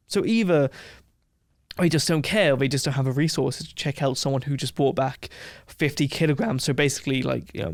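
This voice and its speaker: A man as a podcast guest, telling rambling, animated anecdotes with frequent laughs in a casual interview. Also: fairly high pitch, dry recording, studio quality.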